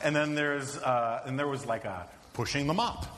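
A man winds through a rambling, self-amused story, voice at an ordinary middle pitch. He is recorded live in a big room with a long reverb tail and faint noise behind him. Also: normal speed, a bit bright. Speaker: podcast panelist.

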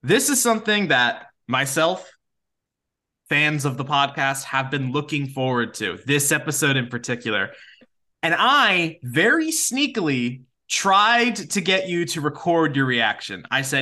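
A man's voice: fairly high pitch, animated, moderate pace, pushed and bright. A man co-hosting a podcast in casual chat, teasing and telling stories with acted-out quotes, swearing now and then. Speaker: podcast co-host.

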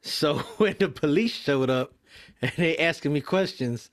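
Profane, animated storytelling man. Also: a little high. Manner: profane, animated, acts out other people's lines in quick voices. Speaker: mail carrier. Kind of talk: casual storytelling on a podcast.

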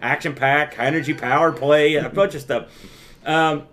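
A man co-hosting a casual podcast chat, joking around and acting out his own past reactions in an animated way. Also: a little high, moderate pace. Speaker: podcast co-host. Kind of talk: casual retro gaming chat.

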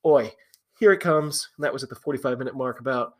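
A man's voice: mid-range voice, fast. A man hosting a solo podcast, chatty and opinionated, with frequent fillers and restarts. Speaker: podcast host. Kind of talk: casual solo commentary.

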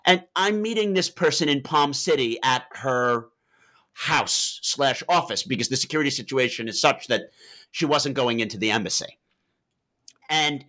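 A man's voice: medium pitch, moderate pace. A man who wrote a book on Libya, answering interview questions and telling stories to explain his points. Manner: animated storytelling with vivid asides. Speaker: author and Libya analyst.

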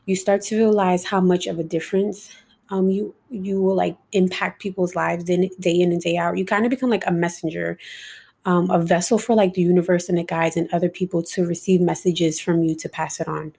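A woman's voice: fairly low pitch, level tone, a little fast, creaky, darkish tone, breathy edge. A young woman hosting a podcast, talking in a rambling, casual way full of "like" and "um" fillers, with some swearing. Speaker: podcast host. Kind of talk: casual spiritual podcast monologue.

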